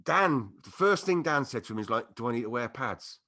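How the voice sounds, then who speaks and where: A middle-aged man spins a long anecdote in casual podcast chat. His voice is bright and clear, and he laughs as he voices the people in his story. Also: mid-range voice, brisk. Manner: animated anecdote-telling with laughter and acted-out quotes. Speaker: podcast guest.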